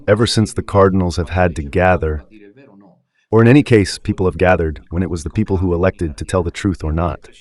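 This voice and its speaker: With a low-pitched, slightly mellow voice, a man with an Italian accent gives fervent religious commentary on the radio. As a preacher he's emphatic and rhetorical, often asking his audience whether they understand.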